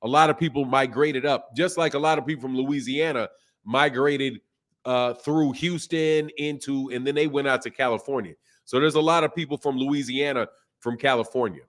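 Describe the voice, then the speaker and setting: A man's voice: medium pitch, fairly even intonation, normal speed. A man with a Southern US accent hosting a boxing live stream, talking casually and reading out chat messages in a laid-back, slangy way. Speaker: boxing channel host.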